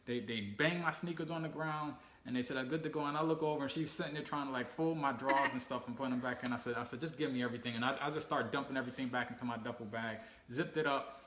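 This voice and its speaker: A man's voice: medium pitch, quick pace, a bit bright. A man casually telling a travel story on a family channel, acting out the people he quotes and laughing as he goes. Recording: echoey room with faint ambient noise.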